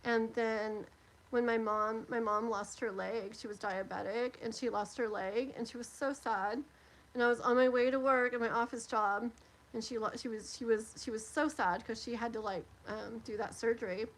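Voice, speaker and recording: A woman's voice: fairly high pitch, fairly even intonation, normal speed, poor audio. A middle-aged woman, chatting casually and rambling with lots of fillers as she does a live tarot stream.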